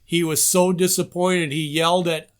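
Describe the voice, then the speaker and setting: A man's voice: on the high side, flat delivery, normal speed. A man guesting on a podcast, telling stories about old episodes in casual chat. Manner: storytelling, enthusiastic recollection.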